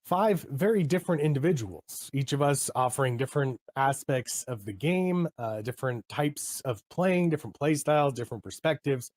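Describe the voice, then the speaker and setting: A man telling a story to camera in a measured way, slowing down for emphasis. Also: medium pitch, animated, darkish tone, no echo. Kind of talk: recounting an anecdote to camera.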